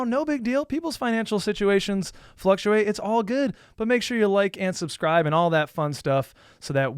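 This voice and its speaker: A man co-hosting a podcast, jokey and upbeat, thanking guests and reading out shout-outs. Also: on the high side, smooth, no echo, clean studio sound. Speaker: podcast co-host. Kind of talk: casual podcast chat with sign-offs.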